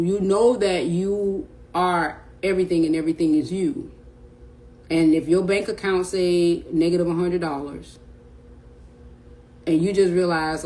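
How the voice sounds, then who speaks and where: A middle-aged woman speaking into her camera in a somewhat low voice. She rambles loosely, using slang and repeating words as she works out each thought. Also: mellow, poor audio. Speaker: spiritual vlogger. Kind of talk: casual spiritual talk to camera.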